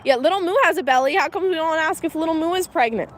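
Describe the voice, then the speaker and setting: Talking fast in a very high voice, a woman hosts a chatty, giggly livestream outdoors on her farm, addressing her animals. Slight background noise can be heard.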